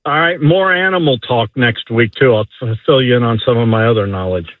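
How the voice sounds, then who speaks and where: A man's voice: mid-range voice, a little fast, no room sound. A middle-aged man calling in to a sports radio show, rambling and boasting with many stumbling restarts. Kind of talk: casual sports talk. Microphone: phone call. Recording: tinny phone line.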